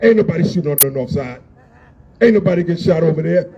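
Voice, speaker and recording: Fiery man yelling at a street rally. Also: a little high, animated, fast. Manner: emotional, yelling, blunt and repetitive. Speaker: rally speaker. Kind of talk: impassioned outdoor rally speech. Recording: dull lo-fi sound with faint noise.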